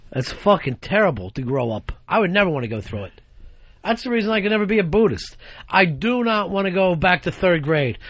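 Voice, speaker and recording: A man's voice: a little high, fairly bright tone, no room sound, lo-fi sound. A man hosting a radio talk show, telling crude, rambling stories and acting out voices. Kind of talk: profane comedic talk radio banter.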